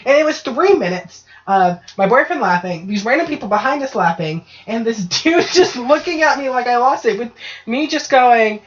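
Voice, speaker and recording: With a slightly high voice at a moderate pace, this podcast host rants and swears her way through animated stories in casual chat. The recording is dull, lo-fi podcast audio.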